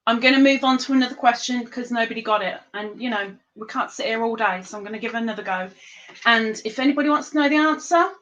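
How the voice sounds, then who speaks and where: A woman hosting a live-streamed trivia game, chatty and playful, reading the questions out slowly. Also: a little high, fairly bright tone, muffled recording. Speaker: livestream quiz host.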